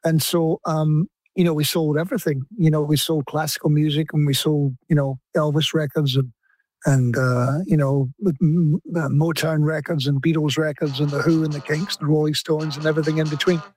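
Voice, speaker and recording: A man's voice: fairly high pitch, level tone, moderate pace, darkish tone, breathy edge, dry recording. An older Scottish man, a musician guest in an interview, talking in a reflective way with many restarts. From Scotland. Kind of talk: relaxed conversational interview.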